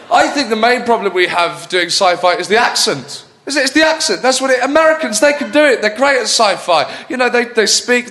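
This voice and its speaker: A man's voice: high voice, bright, forceful tone, slight background noise. A man doing a chatty stand-up routine in a comedy club, with self-mocking asides. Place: comedy club stage with live audience. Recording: roomy hall with crowd.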